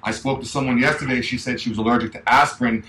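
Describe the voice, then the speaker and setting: A man's voice: medium pitch, steady tone, fast, fairly bright tone, a little hiss or hum. A man co-hosting a casual talk show, speaking in an emphatic, rambling way. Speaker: co-host. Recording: roomy echo.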